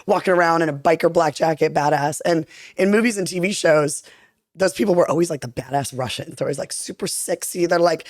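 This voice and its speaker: A woman's voice: low voice, a little fast, no room sound. Playful woman in her 30s chatting on a podcast, dry close mic, just talking and doing little voices. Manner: playful, animated storytelling with put-on voices. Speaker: podcast guest. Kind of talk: casual chat.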